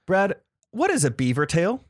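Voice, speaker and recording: A man co-hosting a podcast in casual chat, an animated storyteller who acts out what people said. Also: sits high, normal speed, no echo, clean studio sound. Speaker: podcast co-host.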